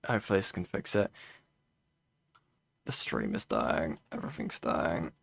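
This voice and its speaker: A man's voice: extremely low pitch, big pitch swings, normal speed, vocal fry, husky. A man streaming live, reacting to a video with casual, profane asides to his chat and a co-host.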